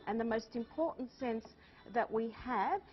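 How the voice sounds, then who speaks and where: A woman's voice: a little high, normal speed. An Australian woman, a guest chef, chatting cheerfully through a cooking demonstration. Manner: cheerful, laughs often. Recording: dull lo-fi TV audio.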